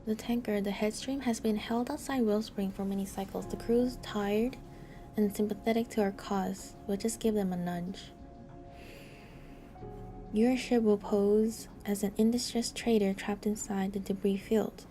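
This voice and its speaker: A woman's voice: mid-range voice, steady tone, measured pace, dark tone, soft background music, close to an everyday voice. A woman voicing a defiant strike leader with a put-on Mexican Spanish accent, reading game dialogue in a firm, commanding way.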